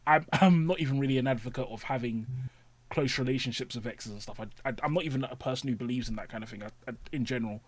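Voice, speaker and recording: Fast-talking man in a podcast chat. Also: medium pitch. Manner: animated, reenacts his own rants. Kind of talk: casual chat.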